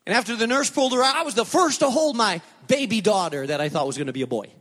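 Pastor guy preaching, pretty high voice, tells stories all worked up and repeats himself, big echoey church sound. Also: quick pace. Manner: animated storytelling preacher, emphatic and repetitive. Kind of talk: sermon. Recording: long reverb of a large hall.

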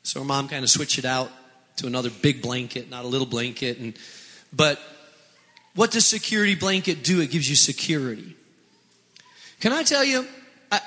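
High, bright-voiced man preaching in a hall. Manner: impassioned preaching, repeating phrases. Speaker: pastor. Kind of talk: sermon. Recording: long echo of a large hall.

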